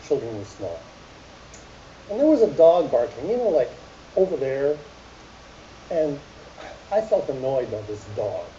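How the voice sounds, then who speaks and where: A middle-aged man telling a story and giving an animated, joking talk to an audience. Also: fairly high pitch. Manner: animated, jokey, addresses audience directly. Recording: muffled echoey room recording with hiss.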